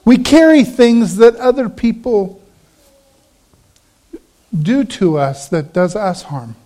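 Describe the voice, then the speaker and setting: A middle-aged man, a pastor, giving a conversational sermon and telling a personal story, quoting friends in a lowered voice. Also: takes it slowly, dark tone.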